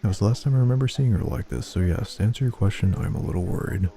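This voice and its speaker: A man's voice: lowish voice, rapid-fire, mellow, natural voice. A man voicing a stern, weary middle-aged mother who speaks primly and reproachfully. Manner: prim, reproachful, stammering.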